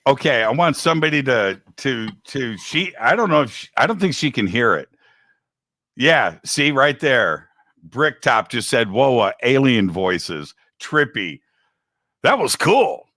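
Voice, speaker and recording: Man, guest host, casual rambling chat, slangy, unhurried, dry close sound. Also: mid-range voice, very animated, bright, forceful tone, no room sound. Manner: rambling, laid-back, slangy.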